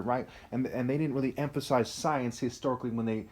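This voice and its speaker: Male vlogger, mid pitch, rambling and emphatic, unscripted monologue. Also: steady tone, a little fast, hardly any pauses, a little mellow. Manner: rambling, emphatic, frequent "right?" asides.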